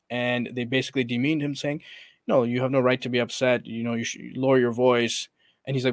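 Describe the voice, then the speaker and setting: A man's voice: medium pitch, brisk, dry recording. Man animatedly retelling a story, dry sound. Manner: animated retelling, quoting others in character; frequent fillers and restarts. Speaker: podcast guest, coach. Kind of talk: conversational storytelling.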